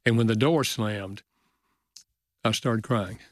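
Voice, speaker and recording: A man's voice: lowish voice, no echo. Older man, earnest guest storyteller, dry close mic. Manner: earnest, slows down for emotional moments. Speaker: author and guest. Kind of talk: storytelling in a podcast interview.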